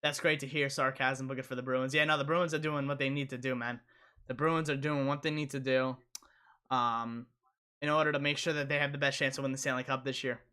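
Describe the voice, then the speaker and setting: A man's voice: medium pitch, level tone, brisk, sharp tone, clear, resonant tone. A young man hosting a casual live stream, rambling and repeating himself as he answers chat.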